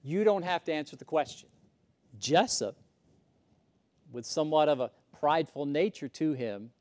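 A man's voice: on the high side, animated, moderate pace, pauses often, darkish tone. A man preaching a sermon, emphatic, rising and falling as he acts out the lines he quotes. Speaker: pastor.

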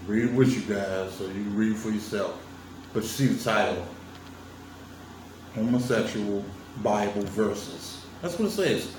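A man's voice: fairly low pitch, measured pace, background noise. A man talking straight to his viewers in a casual monologue, emphatic and teasing, laughing often. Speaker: vlogger lecturing on religion. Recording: roomy sound from a distant mic with faint ambience.

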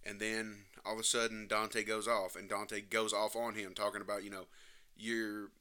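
A man's voice: lowish voice, level tone, normal speed, bright, forceful tone. A man giving a casual, passionate film review, emotional and emphatic, rambling through scenes and swearing now and then.

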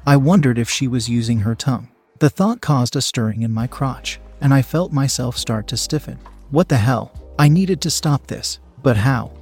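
A man's voice: mid-range voice, lively intonation, normal speed, hardly any pauses, a little mellow, slightly rough, faint music behind. A man narrating a first-person story in a tense, confessional way.

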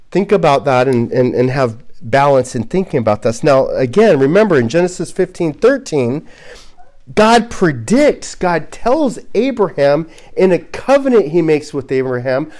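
A man preaching an expository sermon as a pastor, halting and repeating words as he works through his points, and posing rhetorical questions. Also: on the high side, darkish tone. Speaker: pastor teaching a Bible series.

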